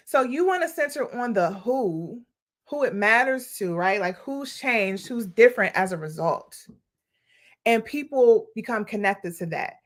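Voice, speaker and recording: A woman's voice: on the high side, a bit bright. A young adult woman hosting a live coaching stream, talking straight to her viewers as "y'all" in a spirited, preachy way and cheering on their comments. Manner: reads viewer comments aloud and cheers them on. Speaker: nonprofit coach hosting a livestream.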